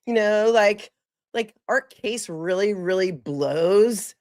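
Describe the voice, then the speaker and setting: A woman's voice: mid-range voice, slow pace, darkish tone, close to an everyday voice. A woman putting on a whiny, scheming male prosecutor in a mocking voice, full of "like" fillers.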